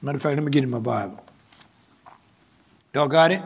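A man's voice: mid-range voice, fairly quick, breathy edge. A male pastor, preaching a sermon that swells in emphasis, with repetition and calls out to the congregation.

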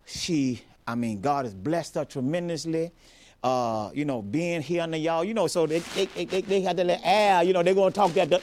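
A man's voice: a little high, moderate pace, a little mellow, slight background noise. A middle-aged man preaching a sermon as a pastor, emphatic and repetitive, often restarting his sentences.

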